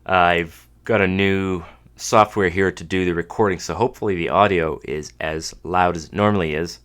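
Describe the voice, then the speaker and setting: Male podcast host, 30s, from Canada, very low voice, congested, wry casual monologue. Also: fairly even intonation, normal speed, a bit bright, clear, resonant tone. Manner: dry, self-mocking humor. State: stuffed up from a cold.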